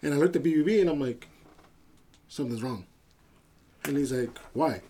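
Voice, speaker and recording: Man, podcast co-host, mellow tone, breathy edge, casual slangy storytelling. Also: a little high, fast. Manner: slangy, swearing, retells with quoted dialogue. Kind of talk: casual storytelling among friends.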